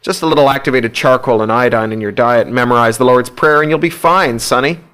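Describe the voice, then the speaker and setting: A man's voice: mid-range voice, a little fast, fairly bright tone, clean tone, lightly acted. A man voicing a smug prankster friend who teases in a chummy, mocking way.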